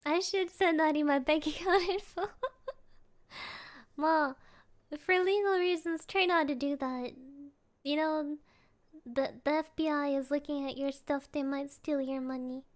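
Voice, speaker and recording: Young woman streamer, high unhurried voice, giggly, playful chat with viewers. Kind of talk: casual livestream chat.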